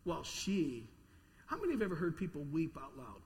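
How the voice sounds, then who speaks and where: A man preaching a sermon to his congregation, telling a story in an animated way, sometimes stammering and repeating words. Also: on the high side, moderate pace, slight background noise. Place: large church hall with an audience. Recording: long reverb of a church hall.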